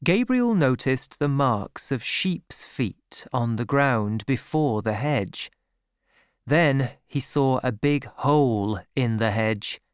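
A man narrating a story, reading slowly and expressively, on a close studio mic. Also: mid-range voice, dry recording. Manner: slow, clear, expressive reading. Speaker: audiobook narrator.

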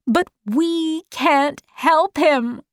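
Woman reader as a young girl in a storybook: raised, urgent pitch, slow and pleading. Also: dry recording, clean studio sound.

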